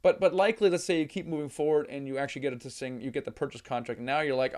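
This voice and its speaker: Energetic man coaching on real estate. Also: medium pitch, fast talker. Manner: energetic, repeats words, acts out worried quotes. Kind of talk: motivational teaching talk.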